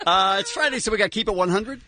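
A man's voice: sits high, fast, sharp tone. A man hosting a radio morning show, teasing his co-hosts in casual banter and running the segments from the studio. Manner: teasing, jokey, runs the segments.

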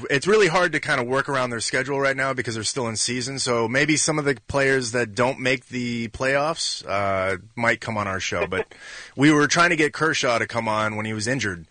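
A man's voice: medium pitch, expressive, moderate pace, sharp tone, dry recording. A man guesting on a radio call-in show, upbeat and laughing often as he tells stories. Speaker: guest actor. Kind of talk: casual radio chat.

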